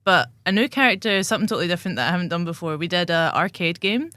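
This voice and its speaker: Chatty woman, bright voice. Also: on the low side, lively intonation, rapid-fire, no echo. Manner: chatty, giggly, hesitant with ums. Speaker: podcast guest, actor. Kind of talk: casual podcast chat.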